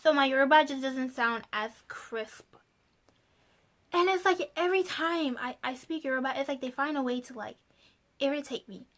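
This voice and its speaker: Young woman vlogger, high voice, casual, laughs a lot. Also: normal speed. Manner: animated, laughs often, exasperated. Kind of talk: casual storytelling to camera.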